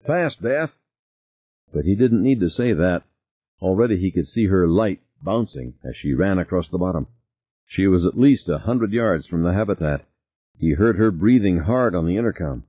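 Deep, husky male audiobook narrator. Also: animated, moderate pace. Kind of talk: scripted narration. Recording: tinny lo-fi recording.

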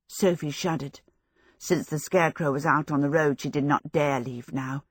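A woman reading a storybook aloud as narrator, in a measured, expressive storytelling manner. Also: sits low, slightly rough, no echo, clean studio sound. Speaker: audiobook narrator.

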